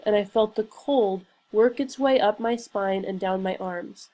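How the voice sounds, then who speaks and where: A woman reading a novel aloud in a steady, earnest storytelling manner. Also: mid-range voice, measured pace, hardly any pauses, poor audio. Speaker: reader. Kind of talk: audiobook narration.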